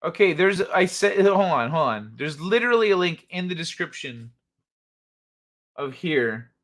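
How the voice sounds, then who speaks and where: This stream host's voice runs on the high side, with big pitch swings, a slightly slow pace, and a fairly bright tone. He's hosting a relaxed late-night broadcast, joking crudely and chatting with viewers.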